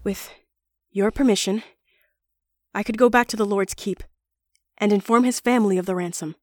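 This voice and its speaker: A woman's voice: medium pitch, normal speed, no room sound, lightly acted. A woman voicing an honest female sword for hire who talks bluntly, in a dry recording. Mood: earnest. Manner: blunt, exasperated.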